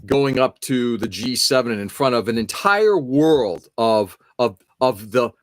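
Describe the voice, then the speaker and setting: With a medium-pitched voice and lively intonation, this American podcast host speaks a little slowly on his live show. His casual political rant is frustrated, blunt and profane, with frequent sentence restarts, recorded without room sound.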